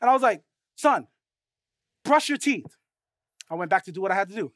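A man in his thirties preaching a sermon as pastor, conversational and animated, telling stories with frequent asides. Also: very high voice, brisk, pauses often, no room sound, studio quality.

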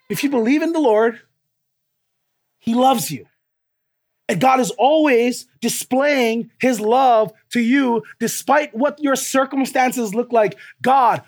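A preacher giving a sermon with emphatic, repeated phrases and rhetorical questions put to the listeners. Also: medium pitch.

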